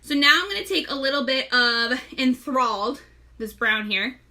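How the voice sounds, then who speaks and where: Hosting a laid-back live makeup tutorial, a young pregnant woman chats, welcomes viewers by name, and is often breathless. She speaks at a moderate pace in a high, bright voice with a forceful tone. She is both a makeup seller and the stream's host.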